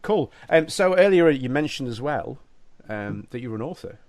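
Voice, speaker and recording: A man hosting a podcast interview, relaxed and affable, with short replies. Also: medium pitch, moderate pace. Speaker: podcast host.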